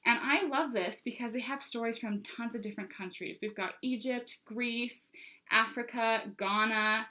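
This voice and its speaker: Young woman, book seller vlog, gushing and upbeat, brilliant tone, a touch high. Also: moderate pace, sharp tone, low-quality recording. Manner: gushing, enthusiastic. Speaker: book consultant showing books. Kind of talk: casual product show-and-tell.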